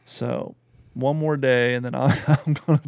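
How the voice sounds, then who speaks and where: A man hosting a casual chat, animated and swearing, acting out voices in his stories. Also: mid-range voice, unhurried, vocal fry, clean tone, no echo. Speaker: podcast host.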